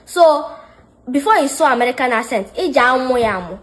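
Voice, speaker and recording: A woman's voice: sits high, animated, quick pace, a bit bright. Outspoken woman mixing Igbo and English. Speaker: discussion participant. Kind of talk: casual debate chat.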